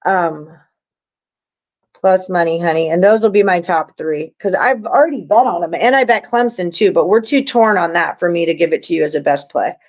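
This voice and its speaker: A woman's voice: lowish voice, animated, fairly quick, few pauses, rough recording. A woman hosting a live sports-betting stream, chatting loosely with viewers and co-hosts. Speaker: sports betting show host. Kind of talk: casual live-stream chat.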